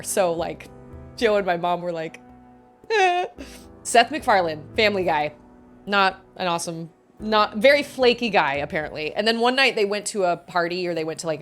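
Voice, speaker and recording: A woman in her thirties, a streamer chatting casually and telling stories, acting out quotes with many "like"s. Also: medium pitch. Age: 30s. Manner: animated, acts out quotes, lots of "like". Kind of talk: casual storytelling while gaming.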